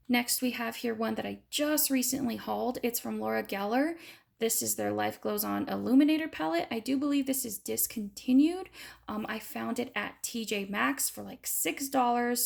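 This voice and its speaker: A woman's voice: on the high side, vocal fry. A woman giving a chatty, enthusiastic beauty product review in a casual vlog. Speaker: beauty vlogger.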